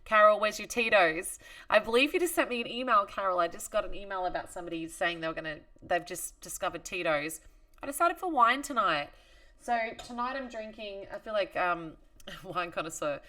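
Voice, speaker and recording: A woman's voice: medium pitch, animated, a little fast, pushed and bright, far from the mic. A woman hosting a livestream concert, chatting casually and greeting viewers by name as she reads their comments. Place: home studio.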